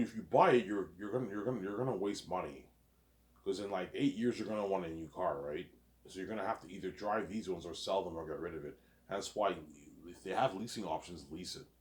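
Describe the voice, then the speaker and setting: A young man rambling casually and profanely, often repeating and stumbling over his words. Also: deep voice. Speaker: vlogger. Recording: echoey room.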